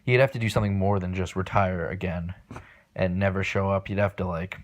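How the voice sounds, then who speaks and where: A man hosting a solo podcast, giving casual spoken predictions with lots of ums and restarts, excitable and swearing, recorded without his usual microphone. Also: low-pitched, a little fast. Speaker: podcast host. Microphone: not his usual microphone.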